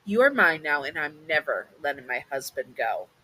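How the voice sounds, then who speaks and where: A woman's voice: sits low, sing-song, moderate pace, sharp tone, exaggerated voice, poor audio. A woman voicing a sly, possessive female bogeyman monster who gloats and teases with pet names. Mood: gloating.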